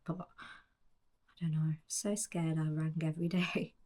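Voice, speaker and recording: A woman in her forties giving soft, reflective narration that often drifts into whispers. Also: deep voice, little pitch movement, normal speed. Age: 40s. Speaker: colouring book author.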